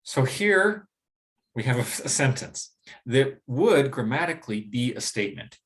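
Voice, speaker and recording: A man's voice: medium pitch, animated, normal speed, a bit bright. A man giving a recorded pronunciation lesson, explaining steadily with frequent hedges like "sort of" and "maybe.". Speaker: English pronunciation teacher. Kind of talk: recorded lecture with slides.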